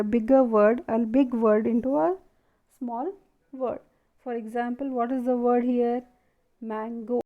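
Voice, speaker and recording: Slow woman teacher. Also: fairly high pitch, phone-quality sound. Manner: slow, asks and answers her own questions. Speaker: primary school teacher. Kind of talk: classroom lesson video.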